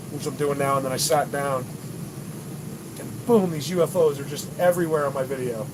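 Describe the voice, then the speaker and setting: A man hosting a live video, talking excitedly and rambling straight to his viewers. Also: fairly high pitch, noisy background. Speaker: livestream host.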